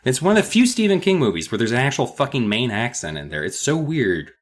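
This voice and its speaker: A man's voice: medium pitch, big pitch swings, quick pace. A man co-hosting a podcast, recapping a book in casual chat full of profane jokes and asides. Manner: joking, profane, rambling asides. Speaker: podcast co-host.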